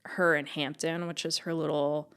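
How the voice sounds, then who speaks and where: A woman co-hosting a casual podcast, her voice sitting a little low. She walks through the plot in an upbeat way and laughs often. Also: level tone, moderate pace, fairly bright tone, smooth. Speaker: podcast co-host.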